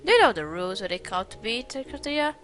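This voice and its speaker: A woman's voice: fairly high pitch, very animated, fast, a bit bright, faint music behind. Woman reading as a self-pitying pawnbroker man. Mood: indignant. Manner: read aloud from on-screen text.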